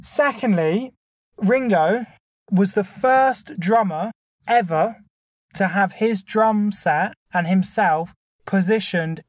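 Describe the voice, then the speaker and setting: A man's voice: high voice, slow, no echo. Man arguing his points in a dry room. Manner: argumentative, lays out numbered points. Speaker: podcast co-host. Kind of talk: casual chat.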